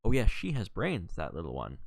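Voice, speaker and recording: A man's voice: low voice, huge pitch swings, fairly quick, creaky, no echo, full character voice. Poirot, shrewd fussy detective, read by a man. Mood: probing. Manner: probing, inquisitive questions.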